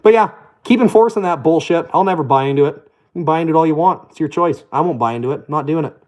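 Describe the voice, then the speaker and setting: A man's voice: fairly high pitch, quick pace, darkish tone, low-quality recording. A man delivering a blunt, profane, scornful rant to camera as a vlogger. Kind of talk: profane ranting monologue.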